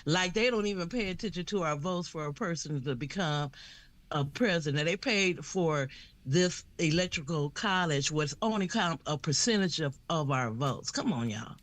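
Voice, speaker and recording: A woman, arguing heatedly on a call-in show, talking over the host and getting higher when pressed. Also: animated, moderate pace. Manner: talks over the host, defensive, rising pitch when pressed. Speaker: caller.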